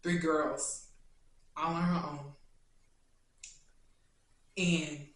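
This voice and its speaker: A young adult woman vlogger answering questions in a casual, chatty, animated way. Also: sits low, very slow. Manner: chatty and animated, turning tender and choked up. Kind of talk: casual Q&A chat to camera. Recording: echoey room.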